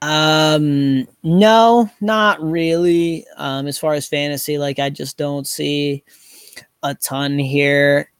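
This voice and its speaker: A man's voice: fairly high pitch, steady tone, takes it slowly, smooth, no room sound, studio quality. A man co-hosting a fantasy basketball podcast, talking casually with lots of fillers. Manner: conversational, hedging fillers. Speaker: podcast co-host.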